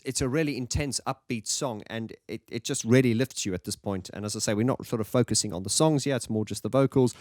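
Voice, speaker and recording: A man's voice: mid-range voice, quick pace, few pauses, darkish tone, no echo, clean studio sound. A man reviewing an album in a casual, enthusiastic, rambling monologue.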